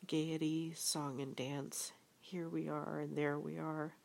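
A woman voicing a gloomy, mournful old male donkey in a storybook reading, talking slowly in a half whisper. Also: low voice, little pitch movement, vocal fry, darkish tone, full character voice.

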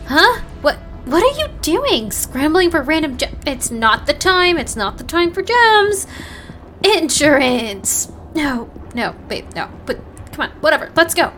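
A fiery young elf hacker, bold and foul-mouthed, tossing quick teasing banter at her partner in an audio role-play, as a woman plays her. Her voice sits a little high, with faint music under it. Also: sing-song, fairly bright tone, full character voice. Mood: urgent, frantic. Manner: swearing, teasing banter with laughs. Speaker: voice actor.

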